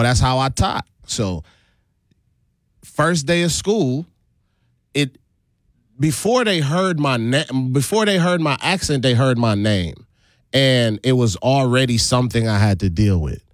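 A man's voice: mid-range voice, no room sound, clean studio sound. A man in his forties from the US Virgin Islands, hosting a radio talk show and telling stories casually, laughing often. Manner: storytelling with laughter and fillers. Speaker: radio host.

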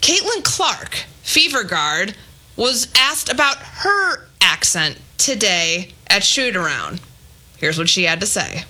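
A Chicago-accented woman co-hosting a relaxed sports talk podcast. Her voice is very bright and her pitch sits in the middle. She teases her co-host with quick, playful jabs. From Chicago area, US Midwest. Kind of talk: casual sports talk chat.

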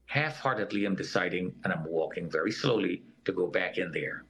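A man's voice: deep voice, expressive, fairly quick, hardly any pauses, fairly bright tone, breathy edge. A man telling a personal story in an interview, acting out the voices of the people in it. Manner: vivid storyteller who acts out the quoted voices of others.

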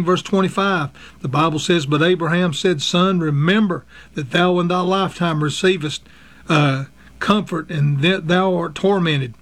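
A man's voice: a little high, a bit bright. Earnest man preaching a fiery sermon. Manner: earnest, halting with frequent fillers, reads scripture in King James wording. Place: radio broadcast.

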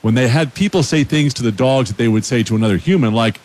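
A man's voice: mid-range voice, quick pace, few pauses, a little mellow. A man hosting a short radio feature, upbeat and playful with a self-mocking touch. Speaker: radio host.

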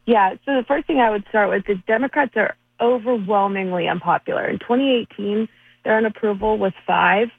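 Woman caller from Florida, confident strategist, husky gravelly voice, tinny phone line. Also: mid-range voice, dry recording. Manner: confident, brisk talking points. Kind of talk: phone-in interview.

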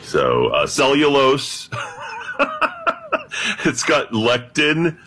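A man with a deep voice talking with animated energy as a regular guest on a late-night American radio show. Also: moderate pace. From United States. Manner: deep voice remarked on by host, lively delivery.

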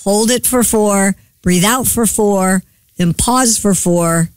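A woman co-hosting a morning radio show, reading news items in a steady delivery. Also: medium pitch, takes it slowly, clean tone, no room sound.

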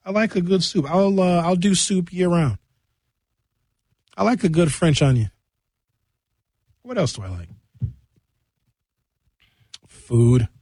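A young man hosting a radio show, chatting casually with jokes and quick tangents. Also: high-pitched, breathy edge, no echo. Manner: animated, jokey, jumps between tangents. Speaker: radio host.

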